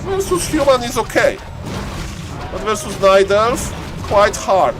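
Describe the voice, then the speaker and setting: A man casting a strategy game live on stream, joking around and yelling excitedly when fights break out. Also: unhurried, over music. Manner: playful, jokey, bursts into excited high-pitched yelling in fights. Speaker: esports caster.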